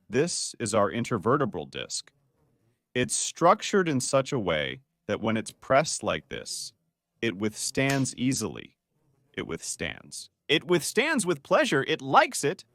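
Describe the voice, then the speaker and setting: A man's voice: medium pitch, no room sound. A man, a doctor, giving a playful video lesson on the spine and quizzing his viewers. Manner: lively, playful teaching with quiz questions to viewers. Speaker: doctor explaining spine health.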